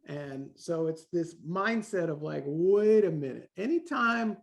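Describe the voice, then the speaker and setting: A man in his forties, a podcast guest, talking in a lively way and acting out the voices he quotes. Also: on the high side, unhurried, creaky. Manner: animated, acts out quoted voices. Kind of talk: casual conversation.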